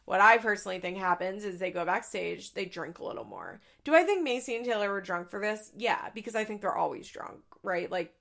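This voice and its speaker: A young adult woman hosting a podcast, recapping in a chatty, profane, casual way with quick asides into a studio mic. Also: medium pitch, big pitch swings, gravelly, a bit bright. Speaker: podcast host.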